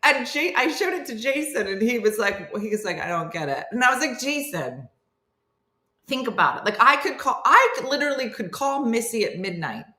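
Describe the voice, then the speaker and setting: A woman's voice: fairly high pitch, normal speed. A woman hosting a comedy morning show, chatting casually with viewers, telling stories and acting out the voices of people in them. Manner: animated storytelling, acting out quoted voices, laughing; reads out viewer names, chatty. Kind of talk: casual livestream chat. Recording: roomy echo.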